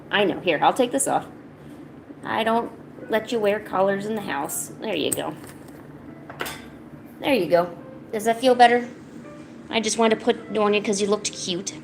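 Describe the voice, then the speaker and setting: A woman's voice: mid-range voice, expressive, a little slow, pauses often, faint music behind. A woman chatting casually at home while painting, slipping into playful baby talk with her cats and teasing them. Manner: teasing, chatty, laid-back. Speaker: art streamer.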